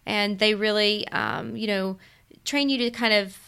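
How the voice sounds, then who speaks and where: A woman in her thirties with an Appalachian accent, a physician guest chatting in a friendly, relaxed way. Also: medium pitch, a little slow, gravelly, smooth. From West Virginia. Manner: friendly, relaxed, with frequent fillers. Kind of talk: casual interview talk.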